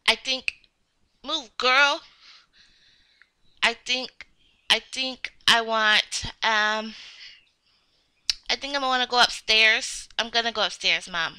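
A woman playing a child in a game role-play, talking in a whiny, excitable, childlike way. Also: on the high side, takes it slowly, pauses often, clean tone. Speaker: game video creator.

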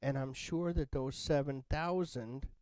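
A male Bible study teacher talks in a relaxed, conversational way and keeps asking "right?". His voice sits at an average pitch, and the recording is dry and close. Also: unhurried, no room sound.

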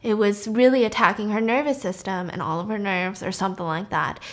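A young woman casually retelling a movie's plot, chatty and acting out the characters' lines in quick put-on voices. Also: mid-range voice, fairly even intonation, fairly bright tone. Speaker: movie recap host. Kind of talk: casual movie recap storytelling.

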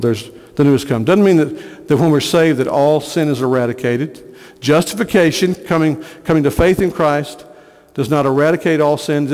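A man's voice: mid-range voice, a little mellow, in a large hall. A man preaching a sermon as pastor, earnest, repeating phrases for emphasis. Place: church sanctuary.

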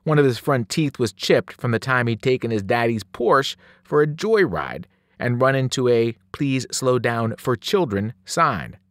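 Lively male storyteller reading aloud. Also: medium pitch, moderate pace, no echo, clean studio sound. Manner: expressive, animated storytelling. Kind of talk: audiobook reading of a novel.

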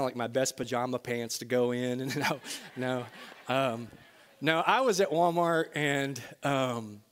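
A middle-aged male pastor preaching to a congregation in a church, telling a personal story in a conversational way that rises to emphatic bursts. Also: on the high side. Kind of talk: sermon. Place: church sanctuary before a congregation.

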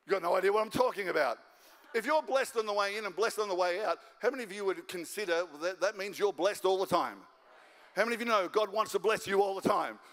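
A man's voice: high voice, fast talker, a bit bright, long reverb tail. An Australian man preaching a sermon as a guest pastor, fired up and driving home his points over and over. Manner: fired-up, repetitive exhortation. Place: church auditorium.

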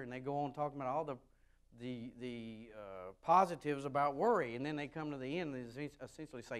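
A pastor from the United States preaching a sermon to his congregation, animated and rising loud when he reads scripture, with wry asides. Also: medium pitch, brisk, clean tone. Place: church sanctuary with a congregation.

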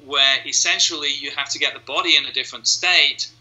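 A man who works as a hypnotist describes his method step by step during a casual interview, performing what clients think to themselves. His medium-pitched voice is brisk, pushed and bright, with fairly even intonation, and the audio is low quality.

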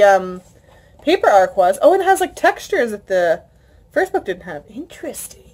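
A woman's voice: mid-range voice, big pitch swings, moderate pace, darkish tone. A young woman chatting casually at home in a book vlog, gushing and filler-heavy. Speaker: book vlogger.

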